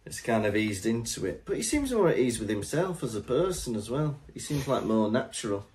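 A man's voice: mid-range voice, very animated, brisk, crowd noise. A man co-hosting a podcast in casual chat, making wry asides and laughing often. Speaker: podcast co-host.

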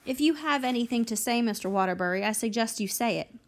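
A woman's voice: fairly high pitch, expressive, fast talker, close to an everyday voice. A woman reading as a curt, stubborn old lady. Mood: stern. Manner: curt, snapping. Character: stern elderly woman homeowner, curt and stubborn. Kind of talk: audiobook reading.

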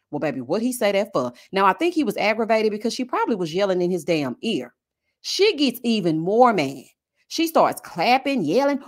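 A woman's voice: a little high, normal speed. A woman giving a casual, sassy review of a reality TV show, acting out what people said. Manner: sassy, animated, acts out quoted people. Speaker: reality TV commentator.

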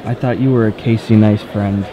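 A young man and vlogger joking in a deadpan, mock-earnest way at a busy convention. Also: fairly low pitch, moderate pace. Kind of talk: joking casual vlog banter. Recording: loud crowd chatter behind.

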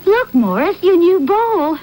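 A woman's voice: very high-pitched, big pitch swings, a little slow, a little mellow, a little hiss or hum, full character voice. A woman playing a cheerful pet owner in a commercial, coaxing and singsong. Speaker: commercial actress. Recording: old TV ad audio.

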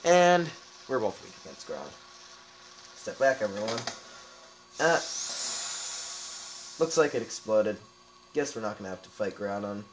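A young man hosting a let's play, chatting casually over gameplay with sarcastic asides and bursts of excitement, filming in a room. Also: lowish voice, a little slow, pauses often, noisy background. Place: room with camera filming the screen.

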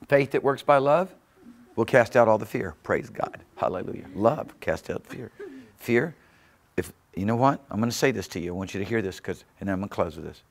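A man with a low, gravelly voice preaches to a church congregation. He drives his points home with sudden loud surges and easy chuckles. His words carry the conviction of a seasoned pastor at the pulpit. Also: lively intonation, brisk. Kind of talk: sermon. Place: church sanctuary.

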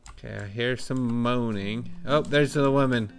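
A man casually commenting while playing a game, thinking aloud in a musing, unhurried way. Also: medium pitch. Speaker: let's play host.

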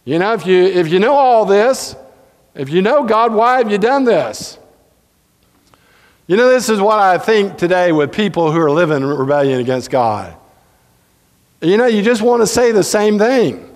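Pastor, male, high voice, preaching with leaps and stretched words, reverberant church hall. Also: expressive. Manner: preaches with sudden pitch jumps, drawn-out emphasis. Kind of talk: sermon. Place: church sanctuary.

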